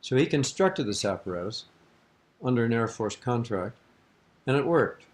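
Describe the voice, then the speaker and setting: A man's voice: medium pitch, lively intonation, moderate pace. An older man being interviewed, telling a long, rambling anecdote in an amused tone, on an archival tape recording. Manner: rambling, amused, breaks into laughter. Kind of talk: anecdotal storytelling.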